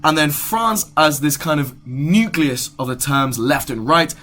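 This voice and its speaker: A young man hosting an educational podcast, explaining history in a relaxed way, often correcting himself mid-sentence. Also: on the high side, a little slow, slight background noise. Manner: casual, self-correcting, restarts sentences. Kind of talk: explainer talk.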